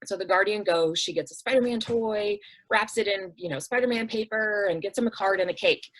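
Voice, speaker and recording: Speaking briskly in a mid-range voice, a woman guest on an interview show tells heartfelt stories conversationally. She is a nonprofit director, earnest in tone, who performs quoted voices and leans heavily on "um" and "like." The recording quality is low.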